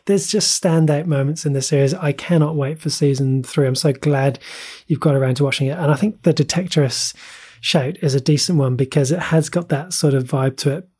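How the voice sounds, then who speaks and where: A man's voice: on the high side, warm tone, breathy edge. A man co-hosting a casual podcast, chatting enthusiastically and laughing easily. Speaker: podcast co-host. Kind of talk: casual chat.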